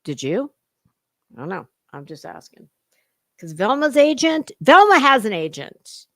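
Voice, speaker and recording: A woman's voice: fairly high pitch, big pitch swings, measured pace, no room sound, studio quality. A middle-aged woman hosting sarcastic reaction commentary, mocking and profane, slipping into put-on voices. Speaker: commentary host.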